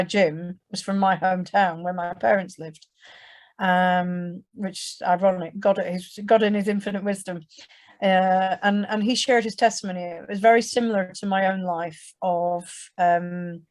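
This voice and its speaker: A young English woman telling her testimony to a church audience in a conversational way, with frequent restarts and acted-out quotes. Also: on the low side. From England. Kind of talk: personal testimony told to an audience.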